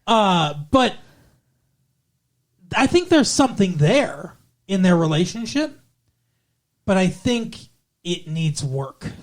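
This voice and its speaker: A man's voice: high voice, very animated, takes it slowly, pauses often. A man talks through a film with his co-host in a loose, casual chat. He is blunt and opinionated, and swearing comes easily to him. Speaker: podcast co-host. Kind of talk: casual movie review chat.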